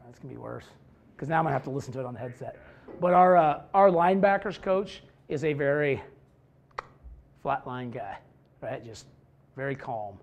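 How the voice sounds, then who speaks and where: A man's voice: medium pitch, moderate pace, creaky, long pauses, muffled recording. A man coaching football, talking bluntly and with humor while he explains a defensive scheme. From Idaho, USA. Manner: blunt, joking, animated storytelling. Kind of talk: coaching clinic talk.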